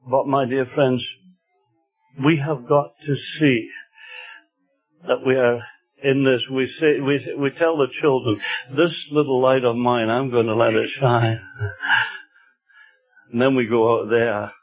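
A man from Scotland preaching a sermon in an earnest, unhurried way, building to emphatic passages. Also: mid-range voice, steady tone. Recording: dull lo-fi recording.

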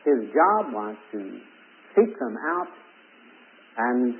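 A man's voice: medium pitch, very animated, extremely slow. A man preaching a sermon with emphatic rises on key words. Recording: tinny phone-like old recording.

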